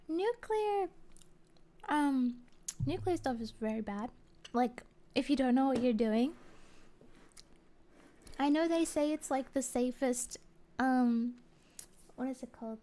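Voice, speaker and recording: A woman streamer chatting casually and answering viewer comments, rambling and halting with many fillers. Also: a little high. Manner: soft and gentle, with small laughs.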